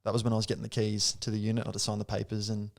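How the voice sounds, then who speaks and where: A young Australian man, a podcast guest, telling a story in casual chat with lively laughs and acted-out quotes. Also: on the low side, very fast, creaky.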